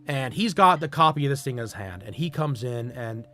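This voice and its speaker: A male streamer telling a story casually, animated and profane, swinging between loud bursts and muttered asides. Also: mid-range voice, a little fast, faint music behind.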